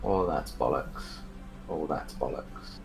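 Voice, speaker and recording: A man's voice: rumbling low, gravelly, background noise. A man playing a tabletop game, chatting casually, swearing and hesitating. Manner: swearing, laughing, halting and unsure. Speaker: player.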